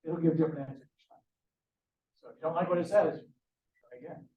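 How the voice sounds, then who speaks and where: With a somewhat high voice and a quick pace, a man presents at a conference in a conversational style, frequently starting over mid-thought. The audio is dull and distant, with a roomy feel.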